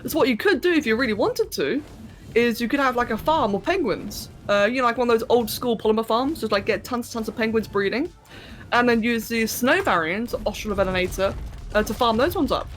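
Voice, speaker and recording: Female game streamer, chatty, slightly high voice, talks to chat while playing. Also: lively intonation, fairly quick, a little hiss or hum. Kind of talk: casual live-stream commentary.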